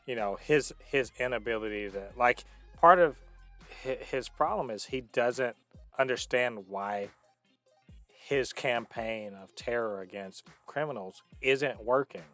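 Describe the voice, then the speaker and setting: A man co-hosts a casual movie review podcast, explaining things emphatically and frequently restarting his sentences. His mid-range voice is pushed and bright, a little slow, with soft background music behind him.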